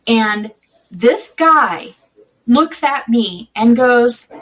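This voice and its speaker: A woman's voice: on the high side, lively intonation, extremely slow, a bit bright, far from the mic, low-quality recording. A woman guest on a podcast, telling her own life story candidly and conversationally, often restarting her sentences. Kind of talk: personal storytelling in a podcast interview.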